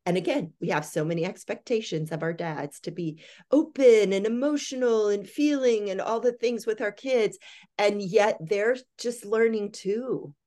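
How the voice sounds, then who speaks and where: A woman's voice: mid-range voice, normal speed, dark tone. An older woman, a parenting educator and guest, talking in an earnest, reflective way on a podcast interview. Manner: earnest, reflective, explains in lists.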